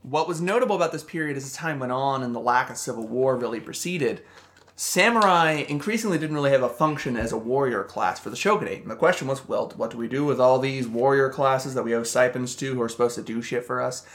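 A man co-hosting a podcast, walking his friends through a historical story at length. His pitch sits in a middle range, and he talks in an easygoing way, with "um"s and laughs along the way. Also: fast. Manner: explains at length with fillers, laughs easily. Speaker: podcast co-host presenting the episode's topic. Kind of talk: casual history podcast chat.

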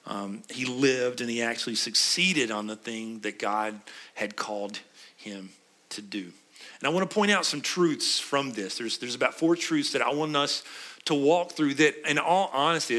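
Pastor, male, middle-aged, bright voice, chatty sermon delivery that questions the room. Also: medium pitch. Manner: conversational, asks the congregation questions.

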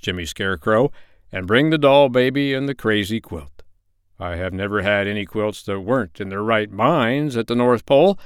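A man voicing a jolly, brisk old Santa Claus in a storybook reading, talking loudly and heartily. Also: fairly low pitch, no room sound, studio quality, close to an everyday voice. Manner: loud, hearty proclaiming.

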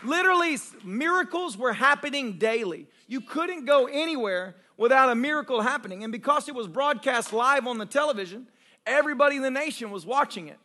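A man preaching with a very high, bright, forceful voice, telling his stories with excited energy. He restarts phrases as the excitement runs ahead of him, and speaks as a pastor addressing his congregation in a church service. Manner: excitable, animated storyteller with fast restarts. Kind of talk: sermon testimony storytelling.

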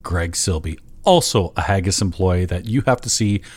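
A man's voice: deep voice, moderate pace, darkish tone, slightly rough, no echo. A man hosting a podcast in casual chat, running a mock game-show bit with a teasing, profane delivery. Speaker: podcast host.

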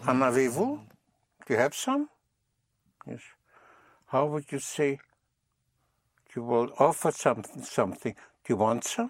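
A man's voice: medium pitch, very animated, measured pace, pauses often, husky, dry recording, studio quality. A man teaching a language lesson, patiently prompting and repeating phrases.

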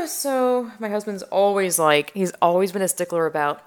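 A woman's voice: mid-range voice, expressive, moderate pace, clean tone. A woman chatting casually, rambling and swearing as she tells a story, with lots of fillers and restarts. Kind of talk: casual chat.

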